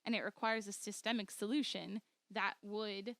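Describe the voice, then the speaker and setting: A woman's voice: mid-range voice, steady tone, moderate pace, a bit bright, no room sound. A woman giving an informal commentary monologue, peppered with "like", acting out the quotes she cites. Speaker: video commentator.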